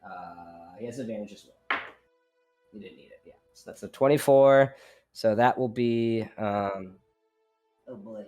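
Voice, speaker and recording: A man's voice: fairly low pitch, measured pace, darkish tone, soft background music. A young man narrating as dungeon master in a casual, rambling way, full of fillers. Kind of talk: narrating a tabletop game.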